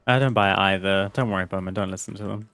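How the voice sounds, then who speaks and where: A man's voice: low voice, steady tone, quick pace, a bit bright, no echo. A man streaming a video game, chatting casually with viewers, laughing often and reading game text aloud. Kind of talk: casual gameplay commentary.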